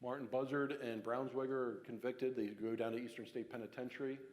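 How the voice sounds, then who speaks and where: A man's voice: medium pitch, fairly even intonation, a little fast, a little mellow. A man from giving a casual public talk on local history, telling the story conversationally with fillers and restarts. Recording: long hall reverb.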